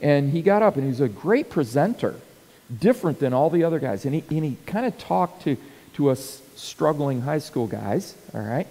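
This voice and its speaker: A man's voice: on the high side, normal speed. A middle-aged man giving a teaching talk for church leaders, telling stories and acting out quotes and sound effects. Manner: animated storyteller, acts out quotes and sound effects. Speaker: speaker coaching church leaders. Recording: long hall reverb.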